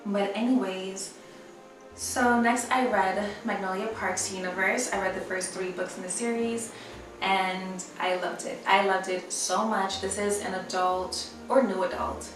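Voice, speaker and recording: A woman's voice: medium pitch, fairly even intonation, unhurried, far from the mic. A woman book vlogger chatting casually about her reading, rambling with fillers and correcting herself as she goes. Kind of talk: casual chat. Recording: roomy echo, from the mic, faint music.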